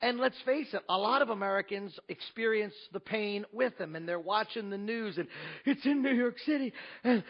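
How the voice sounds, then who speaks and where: Emphatic pastor with a gravelly high voice. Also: male voice, normal speed, highs cut off. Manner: emphatic, rhetorical questions, swings between loud and hushed. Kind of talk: sermon.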